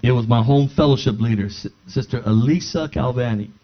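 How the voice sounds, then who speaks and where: A man preaching a sermon, telling a personal story with lively acted-out dialogue. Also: mid-range voice, fairly quick. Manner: animated, acts out dialogue in his stories. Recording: dull lo-fi recording.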